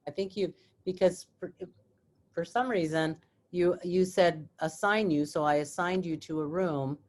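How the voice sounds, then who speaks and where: Low-voiced woman on a zoom call, walking someone through settings. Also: fairly even intonation, measured pace. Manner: practical, sorting out software problems. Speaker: book study group leader. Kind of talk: casual talk on a video call. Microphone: video call.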